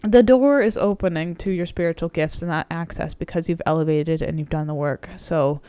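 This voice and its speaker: A woman with a cold gives a casual tarot reading, her talk chatty and full of "like" and "um". Her voice is lowish, smooth and clear. The sound is dry and close. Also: a little fast, warm tone, dry recording. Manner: chatty, meandering, frequent "like" and "um". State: sick with a cold. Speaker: tarot reader and coach.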